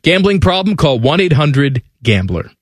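A man's voice: sing-song, moderate pace, slightly rough, no echo, clean studio sound. A man hosting a casual sports radio show, reading ad copy with mock enthusiasm and joking with his co-host. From Central Ohio. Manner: reads ad copy with mock enthusiasm, mocks timid locals in a high whiny voice.

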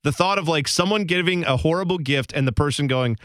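A man's voice: on the high side, brisk, fairly bright tone, no room sound. A man co-hosting a radio show, telling rambling, self-deprecating stories in casual banter at a studio microphone.

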